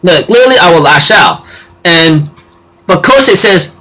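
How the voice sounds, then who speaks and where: A man recaps an anime episode in a loose, rambling way, stopping to correct himself. His voice is high and bright, with lots of ums and likes. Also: animated, moderate pace, poor audio. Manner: rambling, filler-heavy, self-correcting. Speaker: anime reviewer.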